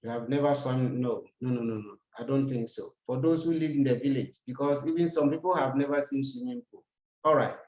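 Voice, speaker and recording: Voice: mid-range voice, brisk, a little mellow. A language teacher giving a recorded lesson, repeating each example sentence, translating it and asking the learner rhetorical questions. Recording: roomy echo.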